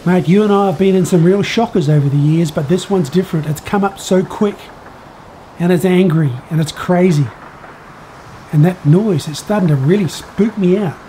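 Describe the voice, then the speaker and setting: A blunt fisherman captain from a children's Bible story, as a man puts him on, urgent and uneasy. The voice sits high for a man. Faint noise hangs in the background. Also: moderate pace, mellow, natural voice, low-quality recording. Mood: worried.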